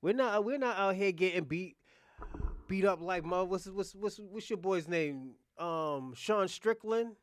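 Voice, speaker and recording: Smooth-voiced man ranting bluntly. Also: high-pitched, expressive, measured pace, no room sound, studio quality. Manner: blunt, heated, swears freely. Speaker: reaction video host. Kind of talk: casual profane rant.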